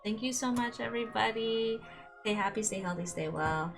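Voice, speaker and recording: A woman's voice: a little high, normal speed, creaky, soft background music. A young woman streamer chatting casually and emotionally as she wraps up a game episode, rambling with lots of "like" and little laughs. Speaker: let's-play streamer.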